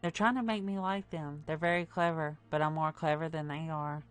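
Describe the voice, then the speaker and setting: A woman streamer reading a dark story game aloud in a plain storytelling voice, breaking off for wry asides. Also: low-pitched, steady tone, moderate pace, smooth.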